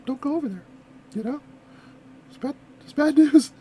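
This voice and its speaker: A woman's voice: high voice, normal speed, dark tone. A woman hosting a reaction video, chatting in a rambling, giggly way. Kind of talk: casual reaction commentary.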